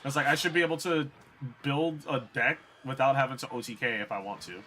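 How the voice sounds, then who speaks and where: A man's voice: mid-range voice, steady tone, a little fast, sharp tone, a little hiss or hum. A young man streaming a video game, chatting bluntly and with swearing to his viewers as he plays. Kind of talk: casual gameplay commentary.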